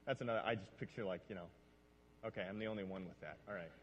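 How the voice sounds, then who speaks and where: A male pastor preaching a lively sermon and acting out lines. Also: low-pitched, racing, lo-fi sound, a little hiss or hum. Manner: animated, acts out lines. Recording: long reverb of a large hall.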